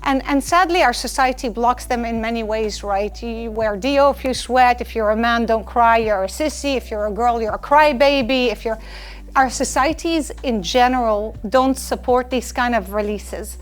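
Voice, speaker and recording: A woman's voice: on the high side, moderate pace. A woman giving a live lecture to students, earnest and emphatic, driving home her points by repeating them. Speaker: lecturer on personal well-being.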